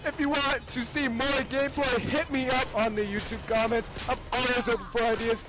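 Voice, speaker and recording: A man putting on a loud, boastful hype-man voice for comedic gameplay commentary, full of slang and shouted brags. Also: very high-pitched, flat delivery, moderate pace, voice pushed up. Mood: hyped.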